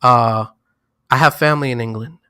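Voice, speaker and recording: Bright-toned New man in casual chat. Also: mid-range voice, moderate pace, no room sound, studio quality. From New York. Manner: loose, boastful storytelling with slang. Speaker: podcast co-host.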